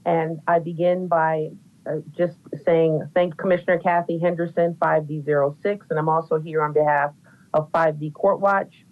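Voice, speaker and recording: Woman commissioner, very low voice, emphatic testimony over a tinny phone line. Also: steady tone, normal speed. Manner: formal and emphatic. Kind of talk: public testimony.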